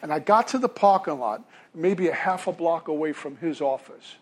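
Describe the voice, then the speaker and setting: A man's voice: on the high side, moderate pace. A man from Brooklyn, telling his recovery story to a meeting from a podium in a self-deprecating way. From Brooklyn, New York. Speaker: recovery speaker.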